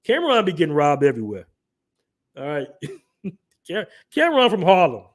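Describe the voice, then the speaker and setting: A young man from the southern United States, speaking with an African American Vernacular English accent, hosts a livestream, joking loosely in slang and reading the chat aloud. His voice is a little high, with wildly swooping pitch at a normal speed.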